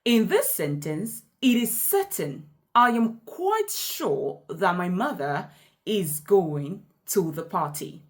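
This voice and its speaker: Slow, lively-voiced woman teaching pronunciation. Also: on the low side. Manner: deliberate, emphatic example sentences. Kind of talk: slow explanatory lesson.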